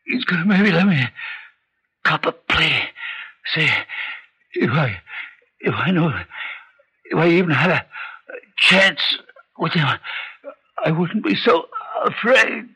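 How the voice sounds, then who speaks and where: An actor playing a scheming, bullying old gangster boss who is bedridden and weak, talking in rough street slang in a 1960s radio drama. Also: male voice, on the high side, lively intonation, slow, pauses often, sharp tone, exaggerated voice, low-quality recording. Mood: fearful.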